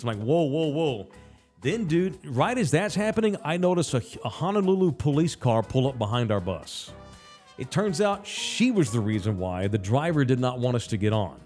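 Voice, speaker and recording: A man, a podcast host, telling a story in an animated, profane way and acting out the other people's lines. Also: mid-range voice. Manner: profane and emphatic.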